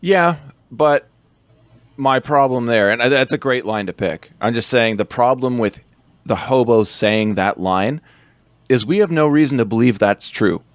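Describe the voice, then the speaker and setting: A man's voice: measured pace, no echo. A man co-hosting a film podcast, chatting casually and laid-back, with some hesitant fillers. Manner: laid-back, hesitant with fillers, quotes lines in a low growl. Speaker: podcast co-host. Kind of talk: casual film review chat.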